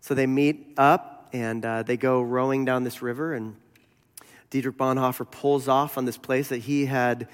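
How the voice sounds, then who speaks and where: A man's voice: mid-range voice, level tone, normal speed, smooth. A man preaching a sermon to his church, telling stories in a conversational way. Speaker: pastor. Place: church sanctuary. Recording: long hall reverb.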